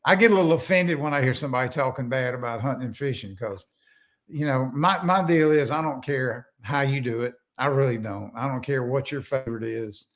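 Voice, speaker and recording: An older man guesting on a podcast tells folksy, rambling stories, interrupting himself and restarting often. His voice is medium-pitched and a little fast.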